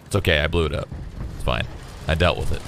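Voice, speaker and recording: A man's voice: a bass voice, fast talker, vocal fry, very noisy. A man streaming a game, talking casually, exasperated and swearing at a teammate. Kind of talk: gameplay chat.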